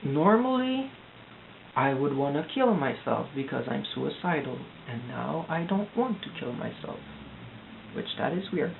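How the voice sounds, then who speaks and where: A distressed young man from Quebec, rambling anxiously in a confessional video diary, halting and repeating himself. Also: a little high, big pitch swings, vocal fry. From Quebec, Canada. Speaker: vlogger. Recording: tinny lo-fi audio with hiss.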